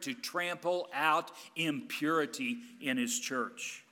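A man preaching a sermon as pastor, emphatic and intense, swinging between loud and hushed. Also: on the high side, measured pace.

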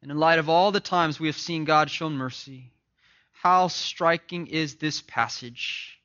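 A male preacher delivers a fervent sermon. He swings from loud, ringing emphasis to hushed, grave lines. His voice is bright and tense, and the recording sounds dull and lo-fi. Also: on the high side, a little slow. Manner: impassioned, swings from loud to hushed, repeats words.

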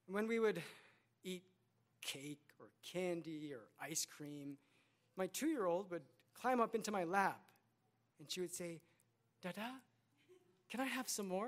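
Earnest guy preaching a sermon, lots of repeating and questions to the crowd. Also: fairly high pitch. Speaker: pastor.

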